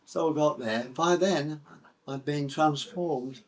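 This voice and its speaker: Speaking slowly in a slightly high voice, an older man with a Sunderland accent from England walks through his life story for an interviewer. His delivery is hesitant, full of fillers and false starts.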